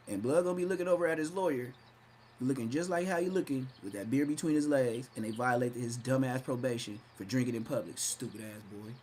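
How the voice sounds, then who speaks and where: A man's voice: medium pitch, brisk, darkish tone, a little hiss or hum. A man hosting a livestream podcast, talking trash in a brash, mocking way and slipping into exaggerated voices. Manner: hyped, shifts into exaggerated voices. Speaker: podcast host. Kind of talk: livestream commentary.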